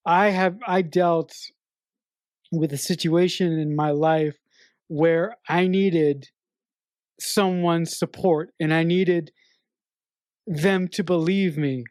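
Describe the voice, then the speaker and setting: Low-voiced woman, dry close sound. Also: a little mellow, no echo. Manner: emphatic, swears, speaks frankly about personal matters. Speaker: podcast co-host. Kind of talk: casual film review chat.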